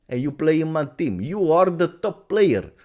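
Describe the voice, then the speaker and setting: Man impersonating grandiose football coach, mock Russian accent, brags in broken English, higher and louder than his own voice, lively pitch. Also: normal speed. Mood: boastful. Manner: broken English, self-praising, insistent pitch. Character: boastful famous male football coach, pushy and grandiose.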